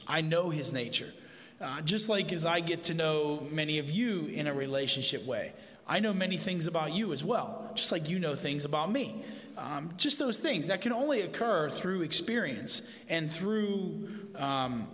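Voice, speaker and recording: A man's voice: fairly high pitch, fairly bright tone. A man preaching a conversational sermon to his church, informal and joking in asides. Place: church sanctuary. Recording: long hall reverb.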